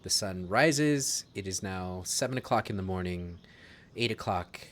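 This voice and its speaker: A man running a tabletop role-playing game, narrating scenes in a measured, descriptive way with jokey asides. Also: sits low, lively intonation, a bit bright, slight background noise. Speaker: game master.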